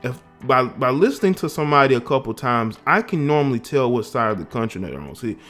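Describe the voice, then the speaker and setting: A man's voice: medium pitch, big pitch swings, a little fast, fairly bright tone, faint music behind. A man from the American South giving emphatic, indignant political commentary on his own vlog, often restarting his phrases.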